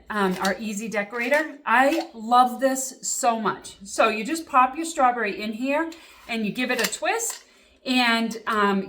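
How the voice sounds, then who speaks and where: A woman's voice: mid-range voice, a bit bright, slight background noise. A middle-aged woman hosting a casual kitchen demonstration, chatty and upbeat, checking in with viewers with a frequent "okay?". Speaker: cooking show host.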